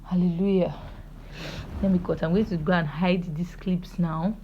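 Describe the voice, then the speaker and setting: A woman's voice: on the low side, steady tone, normal speed, highs cut off, slight background noise. A young woman speaking to camera in an emotional, joyful personal video diary, praising God. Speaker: vlogger.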